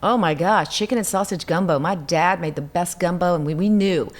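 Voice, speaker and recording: A middle-aged woman from Louisiana with a Cajun accent, a guest telling lively stories in a casual interview. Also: brisk. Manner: animated storyteller, acts out quotes with big pitch jumps.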